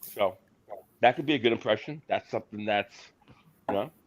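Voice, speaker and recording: A man co-hosting a comedy podcast who talks in a loose, profane, animated way between his impressions. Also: fairly low pitch, moderate pace, low-quality recording. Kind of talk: casual chat.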